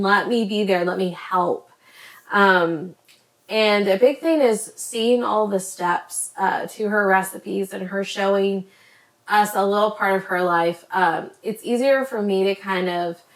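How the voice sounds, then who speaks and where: A woman chatting to her camera as a vlogger, rambling with many ums and tripping over words when she talks fast. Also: medium pitch, vocal fry. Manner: says she stutters when talking fast. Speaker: vlogger recommending creators. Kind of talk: casual chat to camera.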